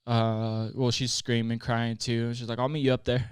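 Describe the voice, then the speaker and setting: A man's voice: medium pitch, level tone, normal speed, clear, resonant tone, no echo, studio quality. Candid, plainspoken man in his late twenties. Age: late 20s. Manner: candid and plainspoken, with frequent swearing and fillers. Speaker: podcast guest. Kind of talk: personal storytelling in casual conversation.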